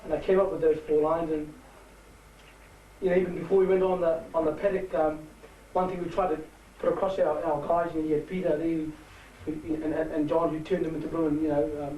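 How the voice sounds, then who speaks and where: Man, New Zealand Māori accent, halting heartfelt speech, roomy echo, faint background noise. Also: a little high. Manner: halting, warm-hearted, switches between Māori and English. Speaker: rugby team manager giving a speech. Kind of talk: speech at a team gathering. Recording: echoey room from far off.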